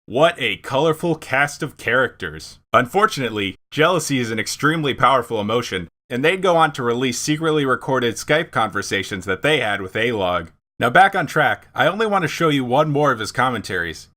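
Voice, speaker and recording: A man's voice: medium pitch, expressive, fairly quick, hardly any pauses, pushed and bright. A man narrating a scripted online documentary in a dry, sarcastic way.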